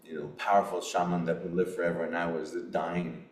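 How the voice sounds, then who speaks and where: A middle-aged man, a podcast guest, telling a personal story in an earnest, halting way with many restarts. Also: low voice, level tone. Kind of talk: storytelling in a casual interview. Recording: roomy echo.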